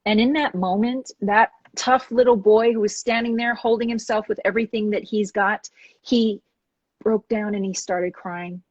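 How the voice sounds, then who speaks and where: A woman hosts a talk show and tells a long story in an animated way, acting out the voices of the people in it. Her pitch sits in the middle range, and the sound is dry and close. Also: normal speed, no room sound, lo-fi sound. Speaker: host.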